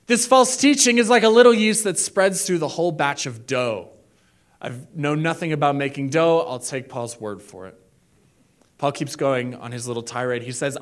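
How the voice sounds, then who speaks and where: A man's voice: medium pitch, normal speed. A young man preaching a sermon in a casual, jokey way, acting out the quotes he reads. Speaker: pastor.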